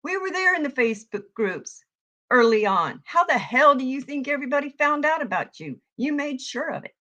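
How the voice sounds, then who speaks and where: A woman giving a heated, profane commentary rant, yelling at times. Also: high voice, animated, normal speed. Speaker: online commentator.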